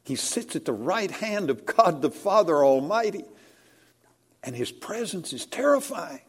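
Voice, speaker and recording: A man preaching a sermon, dramatic, rising to loud climaxes and dropping to hushed near-whispers, with slow, emphatic phrasing. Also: a little high, big pitch swings, slightly rough.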